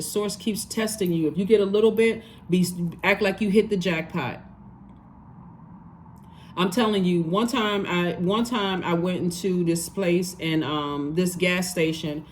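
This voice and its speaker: A tarot reader with a lowish voice gives a casual reading, speaking emphatically and repeating phrases for emphasis. Her manner is conversational, loose and rambling, and there's slight background noise.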